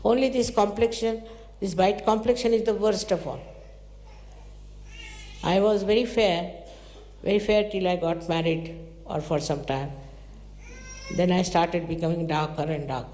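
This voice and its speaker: A woman giving a spiritual talk to followers, telling stories in an animated way, her pitch leaping up and dropping low. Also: measured pace, long pauses. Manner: animated storytelling with sudden pitch jumps. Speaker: spiritual teacher. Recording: echoey hall recording.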